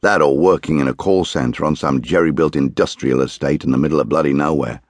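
A blunt, bitter middle-aged miner's son with a Nottinghamshire accent, as a man reads him in an audiobook. He speaks in a low, dry, plain-spoken grumble. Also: fairly quick, no room sound.

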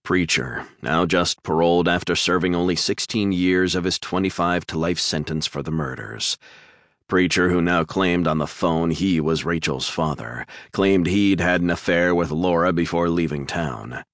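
Deep dry guy narrating a thriller audiobook, steady and tense. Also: moderate pace, dry recording.

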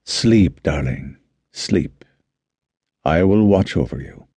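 A male narrator plays a tender, protective husband. His voice drops low and mellow, slow and soothing. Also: lively intonation, slightly rough, no echo, heavily acted. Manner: soft, gentle, soothing.

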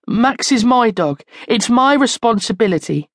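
A woman's voice: a little high, animated, measured pace, no echo, studio quality, pitched above the performer's own voice. A woman voicing a brave young schoolboy who leads his football team, earnest and determined. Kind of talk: audiobook character voice.

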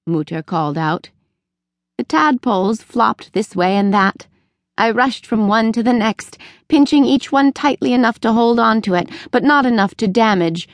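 A woman reading a novel aloud in first person, with measured, clear storytelling. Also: medium pitch, dry recording, clean studio sound. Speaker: audiobook narrator. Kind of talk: scripted first-person narration.

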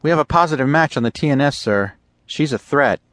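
A man voicing a young female fox-like lieutenant who gives quick, clipped military reports in an audiobook. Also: extremely low pitch, animated, a bit bright, no room sound, voice pushed up. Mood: brisk.

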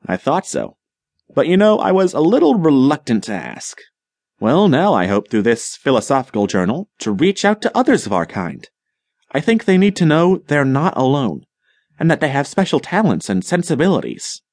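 A man's voice: a little high, huge pitch swings, normal speed, darkish tone, dry recording, pitched above the performer's own voice, exaggerated voice. A man voicing a grandiloquent, professorial older colony leader who talks in a rhetorical, dramatic way.

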